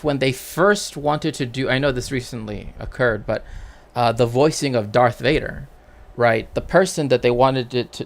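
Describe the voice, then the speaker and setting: Rambling man chatting on a stream. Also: medium pitch. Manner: rambling, checks in with frequent tag questions. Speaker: streamer and cultural historian. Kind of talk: casual livestream chat.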